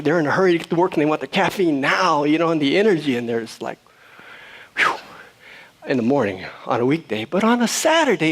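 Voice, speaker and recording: A man giving a conversational sermon to a room of about seventy people, telling a story in an easygoing way, with fillers and restarts. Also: a little high. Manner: storytelling, easygoing, with fillers and restarts, rising loud when retelling shouting. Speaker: speaker at a spiritual community.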